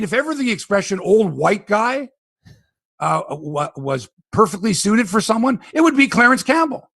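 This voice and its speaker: A man hosting a sports podcast, ranting in animated, profane casual talk. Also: high voice, creaky, husky, no room sound.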